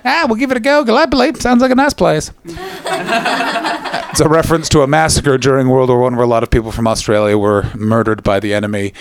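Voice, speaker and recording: A man's voice: mid-range voice, animated, normal speed. A man hosting a live comedy podcast, riffing brashly with the audience and swearing freely. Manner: brash, swearing, self-mocking riffs. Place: live venue before audience.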